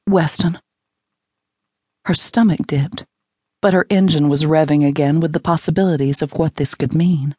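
A woman narrating a romance audiobook in an intimate, even storytelling manner on a close studio mic. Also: sits low, moderate pace, no room sound.

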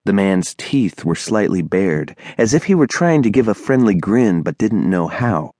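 Low-voiced male audiobook narrator. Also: animated, warm tone, dry recording, clean studio sound. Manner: measured, storytelling.

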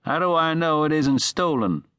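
A man's voice: a little high, expressive, moderate pace, a bit bright, clear, resonant tone, dry recording, pitched above the performer's own voice. A man voicing a suspicious middle-aged shopkeeper who asks blunt, wary questions.

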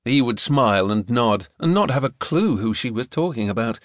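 A man narrating a novel in a measured, expressive reading. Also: mid-range voice, no echo, clean studio sound. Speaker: audiobook narrator. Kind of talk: scripted narration.

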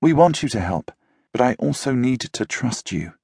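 A man's voice: medium pitch, very animated, normal speed, gravelly, a little mellow, slightly rough, no room sound, clean studio sound, pitched above the performer's own voice, heavily acted. A man voicing an earnest, protective young male leader in an audiobook, speaking urgently.

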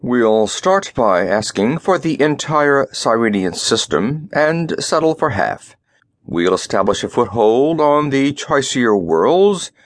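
A man's voice: mid-range voice, dry recording. A man voicing a pompous, scheming middle-aged male ambassador in an audiobook, snapping and self-satisfied.

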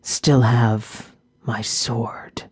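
A woman voicing a dying wounded male orc warrior, with a ghastly rasp, speaking in halting, breathy, half-whispered phrases. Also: extremely low pitch, level tone, darkish tone, no room sound, clean studio sound, pitched below the performer's own voice, exaggerated voice. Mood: weak. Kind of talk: audiobook narration.

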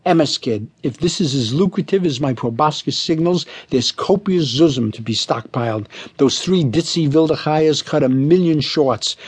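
A man doing a brash, slangy movie producer. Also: breathy edge. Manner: brash fast-talking sales pitch peppered with Yiddish slang. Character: pushy, slangy middle-aged male movie producer. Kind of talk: humorous audiobook reading.

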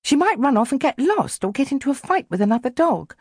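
A woman's voice: high voice, very animated, fairly quick, a little mellow, dry recording, studio quality, pitched above the performer's own voice. A woman voicing an offhand, cheerful older brother in a storybook. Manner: breezy, shrugging.

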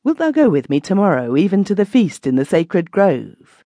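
A woman voicing a spirited, loving young noblewoman in archaic speech, earnest and lively. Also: lowish voice, moderate pace, no echo, voice pushed up.

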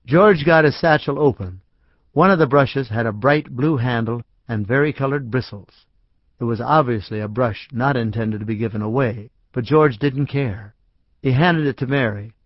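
A man reading a short story aloud as an audiobook narrator, in an even, measured way. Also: mid-range voice, dry recording. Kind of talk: scripted narration. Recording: dry, slightly dull studio audio.

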